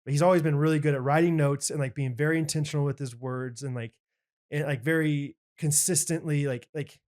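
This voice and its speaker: A man's voice: on the high side, steady tone, a little fast, darkish tone. A young man co-hosting a podcast, telling a story in an earnest, rambling way with lots of filler words. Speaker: podcast co-host. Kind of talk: casual chat.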